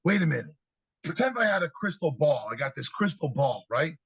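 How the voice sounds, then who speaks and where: A man guest on a podcast, telling lively stories about kids and acting out their replies in an energetic, conversational way. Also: fairly high pitch, a little fast, creaky, husky, no room sound, rough recording. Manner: animated storyteller, acts out kids' answers. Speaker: podcast guest, youth speaker. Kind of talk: storytelling interview talk.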